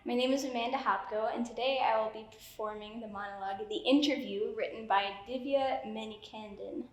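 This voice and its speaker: A woman's voice: on the high side, fairly quick. A young woman formally introducing the monologue she is about to perform. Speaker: student performer. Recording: roomy echo.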